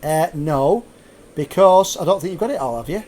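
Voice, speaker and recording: A man with a high voice hosts a live show and tells a grim old story. He keeps cracking puns, laughs at his own jokes and wanders off on side remarks. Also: lively intonation, moderate pace, darkish tone, slight background noise. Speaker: host.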